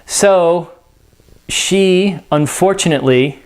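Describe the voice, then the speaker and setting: A man's voice: high voice, slow, clean tone. A man explaining a play in a casual spoken lesson, conversational and full of "you know" and restarts. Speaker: teacher.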